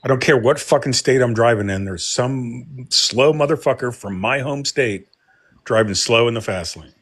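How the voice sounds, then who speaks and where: A man's voice: mid-range voice, moderate pace, a bit bright. A man on a video call, joking bluntly and swearing crudely in casual chat. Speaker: group chat participant.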